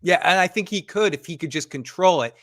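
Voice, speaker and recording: A man's voice: sits high, lively intonation, brisk, fairly bright tone, dry recording. A man co-hosting a casual TV recap podcast, laid-back, swearing and laughing often. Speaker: podcast co-host.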